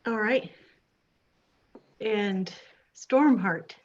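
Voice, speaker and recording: A woman's voice: medium pitch, very slow, dull audio. A woman running a tabletop game as game master, easygoing and prompting her players. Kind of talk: casual game narration.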